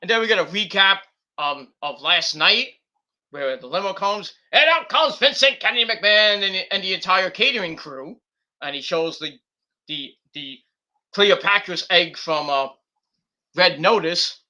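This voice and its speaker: A man's voice: high voice, animated, unhurried, sharp tone. A man streaming a casual, rambling recap of a wrestling show, full of ums and restarts. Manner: rambling, lots of fillers and restarts.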